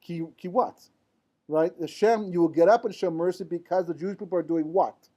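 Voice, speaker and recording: A man with a high, dark voice gives an informal Torah lecture to a live class at a moderate pace, with the highs cut off in the recording. He talks conversationally, mixes Hebrew terms into his English, poses rhetorical questions, and keeps checking in with "right?"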